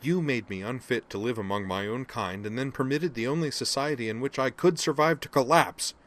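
A man voicing a female Vulcan officer in an audiobook reading, her voice low, monotone and almost mechanical, measured and controlled. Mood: angry. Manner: measured, rising into savage anger.

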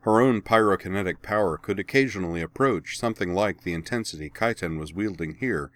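A man giving steady, measured scripted narration of a story. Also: low voice, no room sound.

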